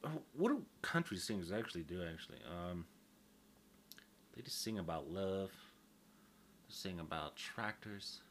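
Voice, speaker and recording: A man's voice: low-pitched, animated, measured pace, pauses often, fairly bright tone, a little hiss or hum. A man, rambling through a casual solo monologue, crude and joking, swearing freely and poking fun at himself.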